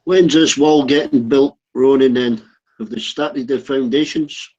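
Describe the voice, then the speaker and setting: A man hosting casual online chat, teasing and prodding people by name, with a husky voice. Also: mid-range voice, a little slow, darkish tone. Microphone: online voice call. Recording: dull lo-fi online call.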